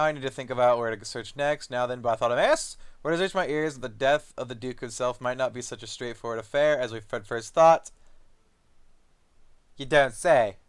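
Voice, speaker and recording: A man's voice: mid-range voice, clean tone, no echo. A young man streaming a fantasy computer game, chatting loosely, swearing and reading character lines aloud in a mock-posh voice. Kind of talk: casual live-stream commentary, reading game dialogue aloud.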